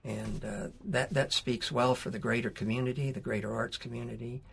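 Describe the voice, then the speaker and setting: A man's voice: mid-range voice, fairly even intonation, brisk, creaky, a bit bright, slightly rough. A man speaking on a panel, hesitant, searching for words. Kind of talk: panel discussion.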